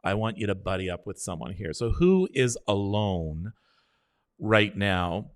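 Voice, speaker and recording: A middle-aged man hosting a live show, reassuring and encouraging viewers as he reads their comments and leads a slow breathing exercise. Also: fairly low pitch, lively intonation. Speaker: host.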